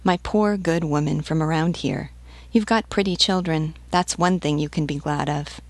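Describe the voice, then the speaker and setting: A woman's voice: low voice, moderate pace, no room sound. Woman reading as a chatty bold canteen lady, friendly, talks a lot, dry close sound. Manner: talkative, friendly, outspoken.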